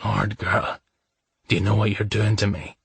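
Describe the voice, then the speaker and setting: A man playing a brooding, passionate male lover in a romance audiobook, speaking low and intimate. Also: flat delivery, moderate pace, no echo, full character voice. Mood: low, tender. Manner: low, intimate, sometimes gruff.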